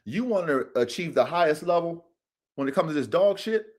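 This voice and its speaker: High-voiced man preaching on a podcast. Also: animated, fairly quick. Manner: profane, preachy, swings from low mutters to shouts. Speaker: podcast host. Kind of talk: motivational podcast monologue.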